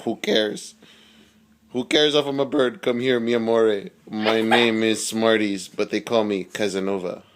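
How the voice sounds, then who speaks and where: A man's voice: lowish voice, fairly even intonation, unhurried, a little hiss or hum, natural voice. A man voicing an amorous male parrot who is a pushy Casanova, crooning and wheedling with pet names in a home pet video.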